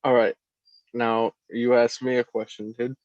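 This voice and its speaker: A man's voice: mid-range voice, little pitch movement, unhurried, a little mellow, no echo, highs cut off. A man co-hosting a casual podcast, teasing his partner, laughing often and repeating himself. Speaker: podcast co-host. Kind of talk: casual chat.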